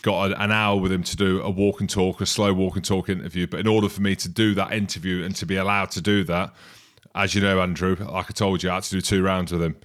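A man in his forties with a somewhat low voice tells a story in a loose podcast chat. He mocks himself as he goes and keeps breaking into laughter. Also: level tone, fast. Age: 40s. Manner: storytelling, self-mocking, laughs often. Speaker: podcast co-host, former rugby player. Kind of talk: casual chat.

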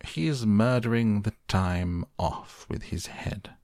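Storybook hatter, mournful and argumentative, read by a man; slow, a shade lifted. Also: on the low side, darkish tone, dry recording, clean studio sound, pitched above the performer's own voice.

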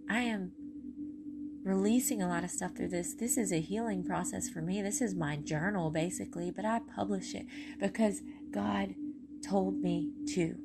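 A woman's voice: medium pitch, background noise. A tired woman giving an earnest, emotional personal testimony on a podcast. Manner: earnest, heartfelt, preachy, with pauses. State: tired, voice going.

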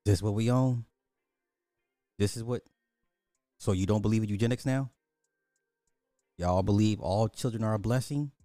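A man's voice: lowish voice, normal speed, pauses often, dark tone, no room sound, studio quality, soft background music. A man giving casual commentary, ranting crudely and repeating himself in disbelief. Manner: crude, repetitive, incredulous ranting. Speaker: online commentator.

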